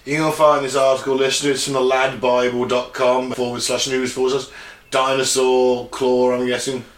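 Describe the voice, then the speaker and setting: A man's voice: medium pitch, flat delivery, normal speed. A man co-hosting a casual podcast, cracking jokes and teasing the others. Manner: jokey, teasing banter. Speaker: podcast co-host. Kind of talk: casual chat. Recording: roomy recording.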